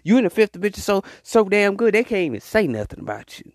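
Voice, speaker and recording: A speaker giving a rambling, slangy spiritual pep talk in a voice message, preaching with animated emphasis. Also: mid-range voice, fast talker. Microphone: voice message recording.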